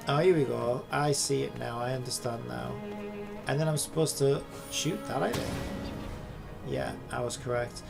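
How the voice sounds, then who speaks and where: A man's voice: medium pitch, gravelly. A man streaming a game live, casually commenting, swearing and grumbling to himself as he plays.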